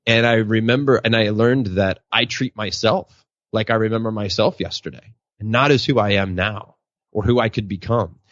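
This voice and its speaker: Animated storytelling man, dry sound. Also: lowish voice, moderate pace, no room sound, dull audio. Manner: animated, acts out quotes in a raised voice. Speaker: podcast guest, professional speaker. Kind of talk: storytelling interview answer.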